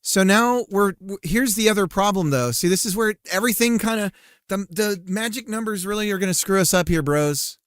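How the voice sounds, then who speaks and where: A man's voice: sits high, fairly quick, fairly bright tone, clean tone, no echo, clean studio sound. A man streaming casually while coding, loose and joking, talking to his chat and swearing now and then.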